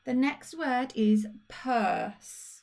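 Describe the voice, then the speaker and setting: A woman with a Birmingham accent, a primary school teacher recording a phonics lesson for young children, patient and encouraging, spelling out sounds slowly. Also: a little high, gravelly, darkish tone. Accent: Birmingham (Brummie).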